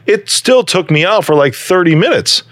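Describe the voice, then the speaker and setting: A young American man from Chicago with a neutral accent, hosting a casual chat and talking in an animated way with lots of "dude" and "man". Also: high voice, normal speed, dry recording, clean studio sound. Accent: neutral American, trained out of Chicago speech. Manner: animated, laughs often, says "dude" and "man". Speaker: podcast host.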